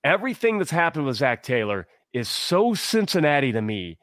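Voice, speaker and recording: A man's voice: fairly high pitch, big pitch swings, normal speed, fairly bright tone, no room sound. Man, sports talk co-host, passionate, rambling, restarts a lot, dry close recording. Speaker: podcast co-host.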